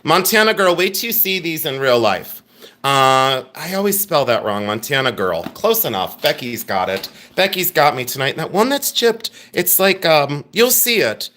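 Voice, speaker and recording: A man's voice: a little high, big pitch swings, moderate pace, pushed and bright. A middle-aged man hosting a live jewelry sale, chatting and teasing as he greets viewers by name. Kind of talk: live-stream sales chat.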